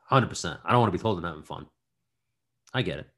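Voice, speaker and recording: A man co-hosting a podcast in casual chat, joking and cutting in with quick remarks. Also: low voice, animated, a bit bright. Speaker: podcast co-host.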